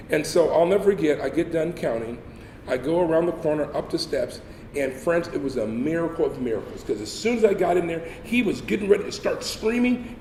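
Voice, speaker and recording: A man tells a humorous story as a sermon, his voice set a little high. It rings out with long reverb in a large hall. A faint ambience hums behind him. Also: warm tone, far from the mic, a little hiss or hum. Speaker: guest speaker.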